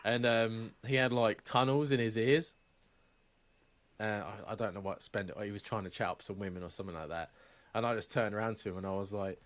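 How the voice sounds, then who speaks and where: A young man co-hosting a podcast tells stories in casual, sweary chat, laughing often. His voice is lowish and he talks fairly quickly.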